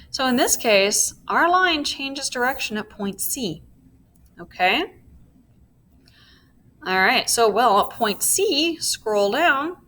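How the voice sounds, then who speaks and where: A woman teaching a physics lesson in a bright, clear voice that sits a little high. She speaks slowly and walks through each step, checking in with her students and dropping playful asides. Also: a little hiss or hum.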